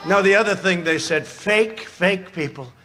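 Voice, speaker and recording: A man's voice: high-pitched, moderate pace. A man giving a rally speech from a podium microphone, boastful and mocking, with rambling asides. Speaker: political speaker at a rally. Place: outdoor campaign rally before a large crowd. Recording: loud cheering crowd behind the speaker. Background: crowd noise and cheering.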